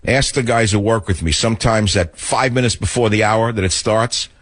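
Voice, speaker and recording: A man's voice: on the low side, moderate pace, a bit bright, no room sound. An older man from the Bronx, rambling and sarcastic in a talk radio monologue. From the Bronx, New York.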